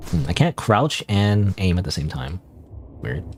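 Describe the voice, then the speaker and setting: Male gaming streamer, deep and animated, rambling, faint background hiss. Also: measured pace. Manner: rambling, hesitant, thinking aloud with many restarts. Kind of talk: casual gameplay commentary.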